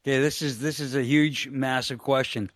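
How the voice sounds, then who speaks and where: A man's voice: medium pitch, fairly even intonation, normal speed, fairly bright tone, no echo, clean studio sound. A man hosting a casual wrestling talk show, brash and swearing casually. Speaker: podcast host.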